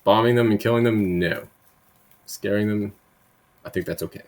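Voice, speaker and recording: Blunt, profane man with a lowish voice. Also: steady tone, moderate pace, a little mellow. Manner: frequent tag questions, conversational asides. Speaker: political commentary host. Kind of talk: reading bill text with casual commentary.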